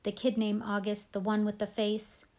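A woman's voice: medium pitch, completely flat delivery, moderate pace, a little mellow, natural voice. A woman voicing a blunt, exasperated middle-school boy in a storybook reading. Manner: exasperated, emphatic.

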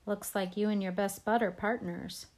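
A woman's voice: mid-range voice, steady tone, normal speed, darkish tone, natural voice. A woman reading aloud, voicing a smirking, taunting schoolboy bully. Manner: taunting, mock-innocent.

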